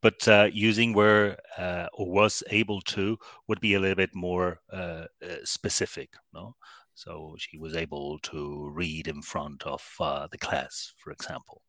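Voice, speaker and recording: Deep, bright, hesitant man explaining grammar. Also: fairly even intonation, unhurried, no room sound. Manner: hesitant, many "uh" fillers and tag "no?". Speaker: guest English teacher. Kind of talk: casual teaching chat.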